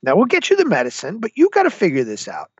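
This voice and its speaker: A man voicing his stern, determined mother, speaking firmly and commandingly, with his pitch leaping high. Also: huge pitch swings, quick pace, breathy edge, no room sound, dull audio, heavily acted. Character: stern, determined mother, middle-aged woman.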